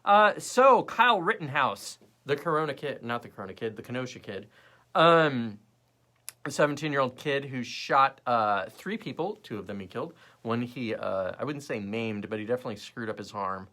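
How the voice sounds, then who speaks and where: A man's voice: medium pitch, lively intonation, moderate pace, sharp tone. A young man hosting his own show, ranting sarcastically about politics and the news in a casual way. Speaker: host.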